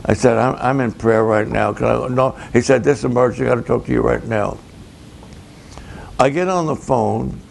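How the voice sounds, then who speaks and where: A man, a pastor, telling a story slowly and dramatically, acting out both sides of the conversations. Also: mid-range voice, gravelly, a little hiss or hum. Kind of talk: storytelling sermon to camera.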